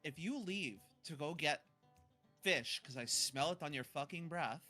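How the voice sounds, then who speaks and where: A player in a tabletop game, joking in and out of character. The voice is bright and forward, and the pitch swings widely. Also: lively intonation, faint music behind. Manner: fast, joking, self-correcting. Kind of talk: casual in-character chat.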